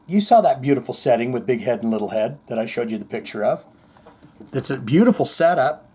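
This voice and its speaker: A man's voice: mid-range voice, a little mellow, slightly rough. A man hosting a heavy metal news show, casually chatting and reading viewer comments in a blunt, sarcastic way with some swearing.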